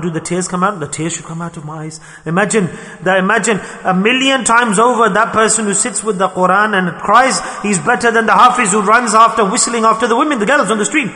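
A male preacher delivers an impassioned, pleading sermon, dropping Arabic and Urdu religious terms into his English. His voice sits high and rings bright and forceful. A long hall reverb trails behind every phrase.

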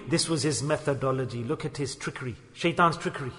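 A man preaching a sermon in a storytelling manner, acting out quoted speech with sudden swings in pitch and loudness. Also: fast, few pauses, big-room sound.

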